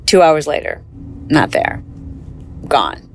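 A woman's voice: low-pitched, very animated, slow pace, vocal fry, a little hiss or hum. A woman hosting her own show, telling a personal story in an earnest, conversational way, full of little fillers. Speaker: host. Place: car.

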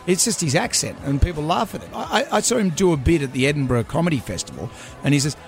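Man, radio co-host, wry banter, slightly higher voice, faint music behind. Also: sing-song, quick pace. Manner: wry, self-mocking joker.

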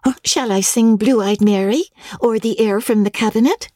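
A woman's voice: a little high, moderate pace, a little mellow, no echo, pitched above the performer's own voice, close to an everyday voice. A woman reading an audiobook, voicing a meek, eager young heiress who gushes breathlessly.

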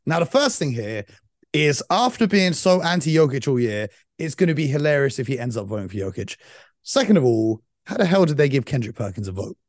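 A man hosting a casual sports chat, animated and laughing as he rattles off stats. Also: mid-range voice, a little fast, no echo, clean studio sound. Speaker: podcast host.

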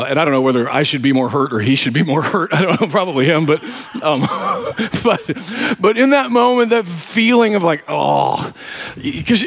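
A man preaching with a somewhat high voice that sounds loose and conversational rather than formal. He tells his story with self-deprecating humor and checks in with the listeners often. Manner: asks listeners directly. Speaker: pastor. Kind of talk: conversational sermon.

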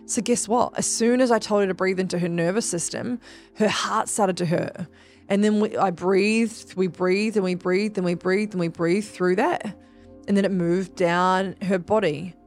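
A woman's voice: mid-range voice, steady tone, normal speed, a little mellow, faint music behind. Chatty, emphatic woman coach. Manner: chatty and emphatic, swears freely, addresses listeners as guys. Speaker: podcast host and spiritual business coach. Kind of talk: casual motivational monologue.

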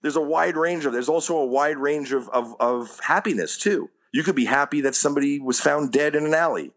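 A man's voice: a little high, fairly quick. A man talking as an acting coach in a casual interview, rambling with lots of "you know what I mean" and casual swearing.

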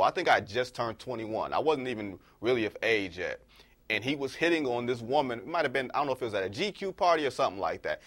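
A man co-hosting a sports talk show, telling stories in a casual, animated way and pushing his voice up for emphasis. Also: medium pitch. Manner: animated storyteller, rising to emphatic peaks.

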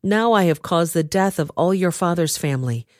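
An earnest young warrior leader speaks with steady resolve, read by a woman. The voice sits fairly low and moves expressively, recorded close and dry. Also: normal speed, no room sound, natural voice. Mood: remorseful.

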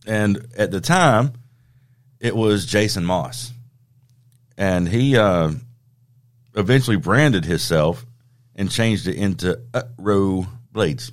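Male podcast host, lowish voice, easygoing storyteller who laughs a lot. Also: animated, slow, pauses often. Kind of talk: casual chat.

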